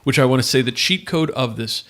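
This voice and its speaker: A man co-hosting a podcast, chatting in a relaxed, agreeable way about records. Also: medium pitch, brisk. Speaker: podcast co-host. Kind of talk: casual chat about hardcore records.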